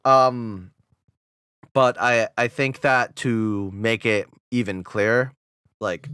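A man's voice: mid-range voice, steady tone, slow pace, bright, forceful tone, clean tone, no echo, clean studio sound. A man with a New England accent co-hosting a podcast, talking in a slurred, mumbly way and laughing often. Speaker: podcast co-host. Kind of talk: casual podcast chat and reading.

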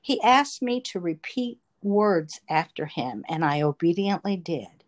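A woman's voice: on the low side, big pitch swings, unhurried. A woman telling a personal faith testimony in an earnest, emotional storytelling manner. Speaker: testimony speaker.

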